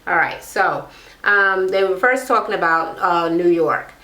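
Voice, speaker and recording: A woman's voice: lowish voice, a little slow, bright, forceful tone, echoey room. A woman recapping a reality show in casual, blunt, profane chat, mimicking the people she talks about.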